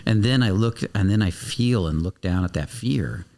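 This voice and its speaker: A man's voice: lowish voice, expressive, moderate pace, darkish tone. A man speaking as a guest coach on a podcast, talking intensely, swearing freely and acting out little scenes of dialogue. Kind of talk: animated podcast interview talk.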